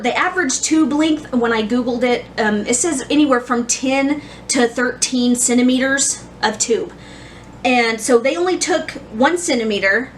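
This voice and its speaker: Woman, 30s, vlogger, casual storytelling, rambling, slightly high voice, a bit distant from the mic. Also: a little hiss or hum. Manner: chatty, rambling, with many restarts and ums. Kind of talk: casual personal storytelling vlog.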